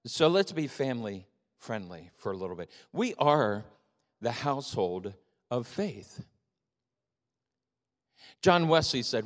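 An older man preaching a sermon as pastor, telling stories with animated emphasis. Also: mid-range voice, takes it slowly, pauses often. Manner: animated storytelling, rising to emphatic peaks. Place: church sanctuary. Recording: long reverb of a church hall.

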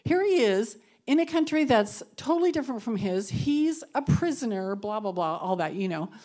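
A woman's voice: on the high side, big pitch swings, normal speed. A woman giving an earnest, conversational devotional talk that ends in prayer, sometimes emotional and near tears. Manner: emotional, tearful at times, laughing through tears; earnest and conversational, shifting between soft and loud. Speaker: women's Bible study speaker.

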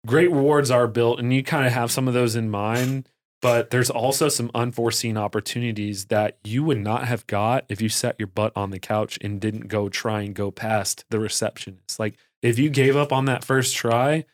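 A man talking as a podcast guest in a casual, energetic way, full of fillers and restarts. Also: mid-range voice. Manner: energetic and excitable, heavy use of "like" and fillers. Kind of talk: casual conversational storytelling.

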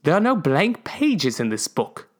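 A spooked supernaturalist man speaking slowly and matter-of-factly, as a man reads him in a story podcast. The pitch swings widely. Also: wildly swooping pitch, full character voice. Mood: insistent.

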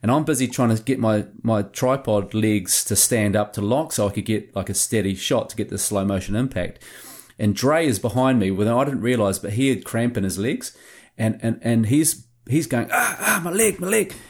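Low-voiced New man telling stories. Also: normal speed. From New Zealand. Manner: animated anecdotes with acted-out quotes. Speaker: hunting show producer and guest. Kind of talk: casual storytelling interview.

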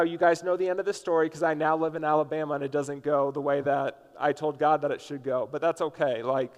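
A pastor from Indiana delivers a sermon that sounds like chatting with friends, full of "like" as he tells his story. His voice sits a little high for a man. A long reverb trails every phrase from the large hall he speaks in. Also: clear, resonant tone. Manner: casual storytelling, frequent "like" fillers. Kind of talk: conversational sermon.

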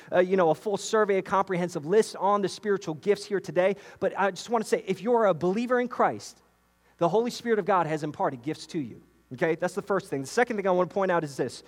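Man from New York, lively preacher in a reverberant sanctuary, higher pitch. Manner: animated preaching with repetitions and asides to the congregation. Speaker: pastor. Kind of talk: sermon. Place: church sanctuary.

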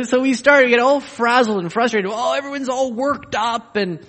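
A man preaching a sermon, animated and humorous, acting out the voices he quotes. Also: very high-pitched, normal speed, hardly any pauses, long reverb tail. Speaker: pastor.

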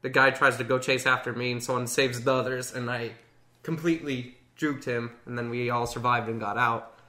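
A man's voice: mid-range voice, steady tone, normal speed, bright, forceful tone. A young man in casual gaming chat, telling stories with lots of energy and acting out other players in raised voices.

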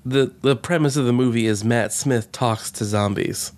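A man casually recapping a movie with sarcasm and profanity, mocking its lines in quick impressions. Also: mid-range voice, a little mellow. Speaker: podcast co-host. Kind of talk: casual movie review chat.

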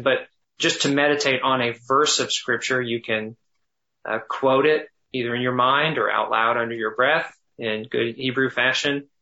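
A man teaching thoughtfully in conversation, often pausing, restarting and slowing down to dwell on phrases. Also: mid-range voice, sharp tone, dull audio. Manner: thoughtful, halting with restarts, slows to savor phrases. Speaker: guest teacher on biblical counseling.

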